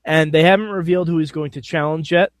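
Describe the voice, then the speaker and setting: A man co-hosting a podcast, recapping a wrestling show in casual, animated, jokey chat and laughing often. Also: a little high, fast talker, no echo.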